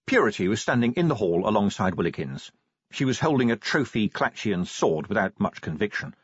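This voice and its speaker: A man narrating an audiobook in an expressive storytelling manner, switching into character voices. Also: on the low side, brisk, husky, dry recording. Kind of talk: scripted narration. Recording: dull dry lo-fi audiobook recording.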